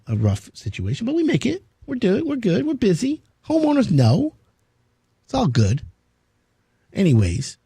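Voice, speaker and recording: A man hosting a live radio show in a studio, chatty and full of jokes as he tells stories. His pitch swings up and down a lot, and his voice sounds a little husky. The recording is dry and close. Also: dark tone, no room sound. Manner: chatty, storytelling, jokey. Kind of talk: casual talk radio chat.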